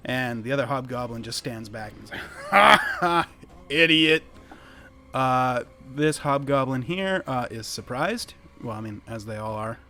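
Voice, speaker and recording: A man's voice: medium pitch, fairly bright tone. A man narrating a tabletop game as game master, chuckling and rambling, often correcting himself mid-sentence. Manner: laughing, rambling, self-correcting.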